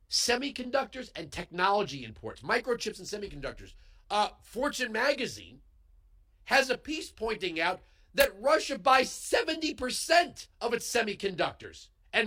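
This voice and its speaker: A male talk show host delivering a heated political commentary monologue into a studio microphone, emphatic and building to yells. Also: high-pitched. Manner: heated, emphatic, swings into yelling. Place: radio studio. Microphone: studio broadcast microphone.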